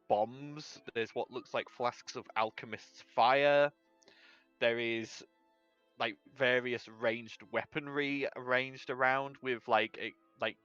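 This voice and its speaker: A man's voice: mid-range voice, steady tone, slow pace, fairly bright tone, clear, resonant tone, no room sound, highs cut off, faint music behind. A man narrating as game master, describing scenes in a loose, rambling way.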